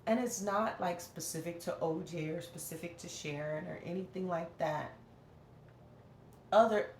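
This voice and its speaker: A woman venting to camera in a candid, rambling personal rant, often dropping low and flat to mimic what others said. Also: reverberant, a little hiss or hum. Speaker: vlogger.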